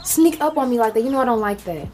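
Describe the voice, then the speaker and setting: A woman's voice: on the high side, animated, fast, darkish tone, natural voice. Woman playing a defensive young college girl, faint music behind. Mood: guarded. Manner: defensive, irritable. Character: young female college student, guarded and jumpy.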